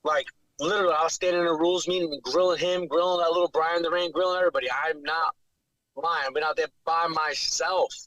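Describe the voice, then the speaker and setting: Brash New York fighter, bright high voice. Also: male voice, steady tone, fast talker, no echo, muffled recording. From New York City. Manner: brash, profane trash talk. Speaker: bare knuckle fighter, guest. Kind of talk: casual podcast interview.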